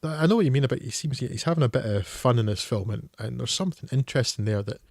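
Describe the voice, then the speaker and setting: A man's voice: mid-range voice, animated, quick pace, no room sound, clean studio sound. A man co-hosting a film podcast, talking in a wry, hesitant way with many fillers. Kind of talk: casual film discussion.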